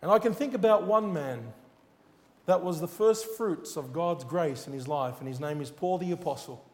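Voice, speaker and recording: Guy preaching, kinda high voice, earnest storytelling, big hall echo. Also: normal speed. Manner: earnest, storytelling with rising emphasis. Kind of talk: sermon testimony. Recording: long hall reverb.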